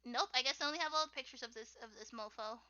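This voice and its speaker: A young woman with a squeaky voice chatting casually on a livestream while she draws, rambling with lots of "like" and frequent laughter. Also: fast talker, sharp tone, muffled recording. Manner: rambling, full of "like", laughs often. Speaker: artist streaming her drawing work.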